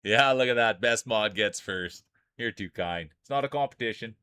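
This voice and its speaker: A man's voice: fairly low pitch, normal speed, pushed and bright, clean tone, no room sound. Hyped man calling marble races live. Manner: hyped sports-style announcer calling viewers by name. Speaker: streamer commenting on marble races. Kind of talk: live stream race commentary.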